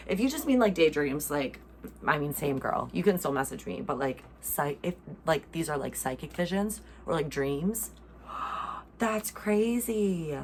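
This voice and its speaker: A woman's voice: deep voice, slight background noise. A young American woman hosting a casual reaction chat, talking in a playful, gushing way full of fillers. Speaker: host.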